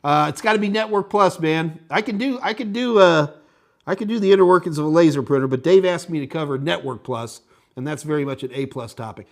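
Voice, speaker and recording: A man hosting a live tech question-and-answer stream, rambling casually and thinking out loud as he reads viewer chat. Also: fairly high pitch, fairly quick. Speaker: tech instructor and show host.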